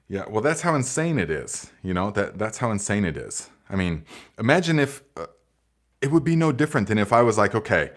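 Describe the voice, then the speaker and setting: Guy with a lowish voice doing a live garden q&a, jokey and sarcastic, laughs a lot, keeps saying guys and okay. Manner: animated, sarcastic, laughs often. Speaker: gardening channel host. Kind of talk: live Q&A chat with viewers.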